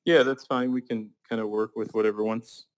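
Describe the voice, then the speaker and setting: A man's voice: fairly low pitch, steady tone, brisk, low-quality recording. A man on a video call, hesitant and fumbling as he searches for items while learning. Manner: hesitant, keeps asking for a moment while searching. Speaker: student. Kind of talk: casual chat on a video call.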